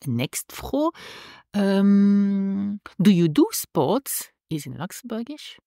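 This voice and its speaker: Female language teacher, low but very lively voice, drills each phrase slowly twice, dry close sound. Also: no room sound. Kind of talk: slow, clear language lesson.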